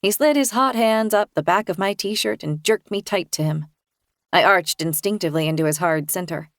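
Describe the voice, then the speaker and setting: A woman reading a first-person thriller as an audiobook narrator, in a measured, even storytelling manner. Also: fairly low pitch, dry recording, clean studio sound.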